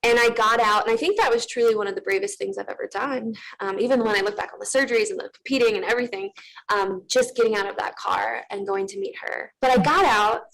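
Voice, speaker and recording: A woman's voice: mid-range voice, quick pace, creaky, a bit bright, poor audio. A woman in her thirties, a guest telling a personal story in a candid, earnest way, with many fillers and restarts.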